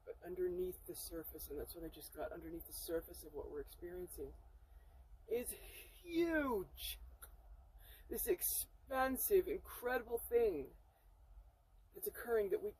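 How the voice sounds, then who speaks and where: Mellow-voiced woman, earnest and halting. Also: on the low side, slight background noise, low-quality recording. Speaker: spiritual vlogger. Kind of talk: spiritual channeling vlog. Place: inside a camper. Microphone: camera mic.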